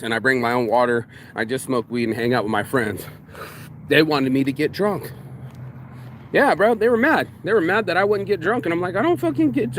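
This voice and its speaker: A man's voice: medium pitch, a bit bright, slight background noise. A man vlogging outdoors in a park, ranting bluntly and profanely in a casual monologue.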